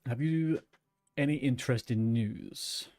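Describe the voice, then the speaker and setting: A man's voice: medium pitch, a little slow, a little mellow. Joking man streaming a game. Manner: joking, rambling, reads game text aloud. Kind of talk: casual gameplay chat.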